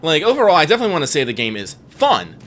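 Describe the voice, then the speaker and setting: A man's voice: fairly high pitch, huge pitch swings, rapid-fire, fairly bright tone, slight background noise. A man co-hosting a live stream while playing a game, reacting and commenting animatedly. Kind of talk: casual gaming stream chat.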